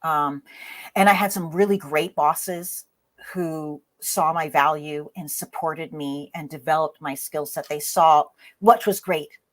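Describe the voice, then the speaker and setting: A woman as an interview guest, telling a story in a lively way and acting out the voices in it. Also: sits low, a little slow. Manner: lively, acts out voices in her stories.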